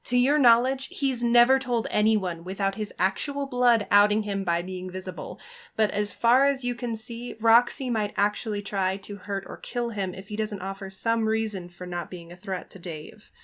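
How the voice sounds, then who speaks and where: A woman reading a fan fiction story aloud as narrator, steady and expressive. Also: mid-range voice, normal speed.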